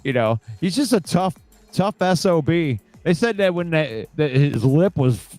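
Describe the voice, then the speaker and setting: A man's voice: on the high side, animated, measured pace, a little mellow, no echo, faint music behind. A man hosting a casual sports podcast, rambling and repeating words as he talks. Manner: rambling, repeats words, laughs while talking. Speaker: podcast host.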